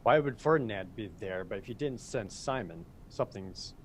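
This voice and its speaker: Male player, fairly low voice, thoughtful and questioning, casual. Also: expressive, normal speed, breathy edge. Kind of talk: casual tabletop game chat.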